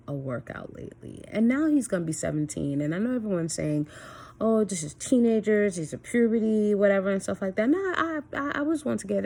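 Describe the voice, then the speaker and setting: A woman talking in a casual vlog about being a single parent, blunt and candid, mostly steady but with quick bursts of emphasis. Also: low voice, husky. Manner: candid, blunt, swears freely.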